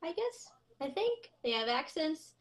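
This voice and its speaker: A woman's voice: high voice, sing-song, unhurried. A young adult woman co-hosting a podcast, telling casual stories with giggles and self-mocking asides. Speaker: podcast co-host. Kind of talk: casual chat.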